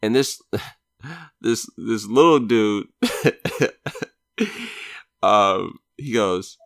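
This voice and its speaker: A man's voice: lowish voice, animated, very slow, gravelly, fairly bright tone, no room sound, studio quality. A man co-hosting a podcast, telling a story about himself in a wry, self-mocking way with casual swearing. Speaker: podcast co-host.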